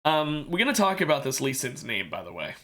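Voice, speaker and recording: A man's voice: mid-range voice, very animated, brisk, pushed and bright. A man streaming a video game, rambling and correcting himself in casual commentary while sounding sleepy and yawning.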